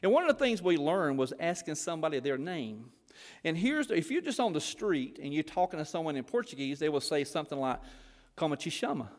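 A man's voice: fairly high pitch, very animated, fairly quick, big-room sound. A man preaching a sermon, telling folksy stories as a former missionary. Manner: folksy storytelling, Southern phrasing. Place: church.

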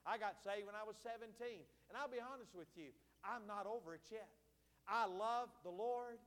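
A man's voice: high voice, normal speed, a bit bright. A man in his fifties preaching a sermon, emphatic and calling out to the congregation. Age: 50s. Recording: long hall reverb.

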